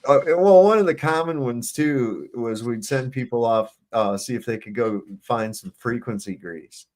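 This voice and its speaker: A man spins old army stories in a loose, rambling way, swearing freely and restarting his sentences as he goes. His voice sits at an ordinary middle pitch, with nothing unusual in its tone. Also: normal speed, a little mellow. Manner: rambling, profane, frequent restarts. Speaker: military veteran telling stories on a panel. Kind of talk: casual storytelling chat.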